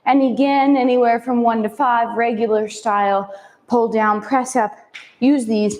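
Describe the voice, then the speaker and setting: A woman's voice: fairly high pitch, steady tone, unhurried, darkish tone, slight background noise, low-quality recording. Upbeat woman counting push-up reps. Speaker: fitness instructor. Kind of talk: follow-along workout cueing.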